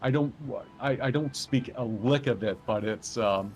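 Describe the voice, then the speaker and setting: A man from Southern Ontario chatting casually as a podcast guest, rambling and halting with lots of fillers and restarts. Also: mid-range voice, darkish tone, slight background noise. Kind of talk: casual chat.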